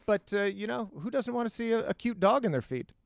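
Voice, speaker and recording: Smooth-voiced male comedian telling stories. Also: sits high, a little fast, no echo, studio quality. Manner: animated storyteller, slips into acted voices. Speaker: comedian guest. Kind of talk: casual podcast conversation.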